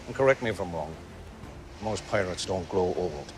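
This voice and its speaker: A weathered, blunt ex-smuggler speaks in a thick Geordie accent,. His voice is very deep. Background noise runs under the film clip. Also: expressive, moderate pace. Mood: dry.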